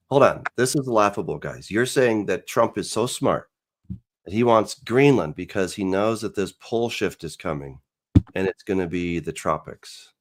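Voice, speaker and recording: A man's voice: lowish voice, expressive, moderate pace. A man co-hosting a casual discussion, incredulous and challenging, often interrupting. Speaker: skeptical co-host. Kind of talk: casual debate chat.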